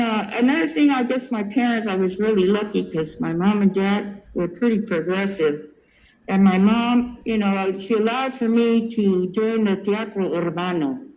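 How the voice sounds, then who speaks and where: Woman, 70s, from California; animated oral-history storyteller. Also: mid-range voice, a little hiss or hum, poor audio. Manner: lively storyteller who acts out quoted voices. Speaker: interviewee.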